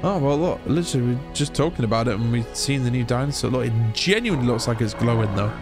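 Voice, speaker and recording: Chatty gamer guy narrating his playthrough, excitable, middle pitch, game music going behind. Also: quick pace. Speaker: gaming YouTuber. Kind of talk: let's play commentary.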